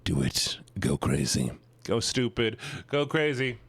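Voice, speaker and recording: A man streaming live, joking with his chat in a playful, teasing voice. His pitch swings widely as he hams up mock-villain boasts. The sound is close and dry, with no room around it. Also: very animated, measured pace, fairly bright tone, slightly rough, dry recording.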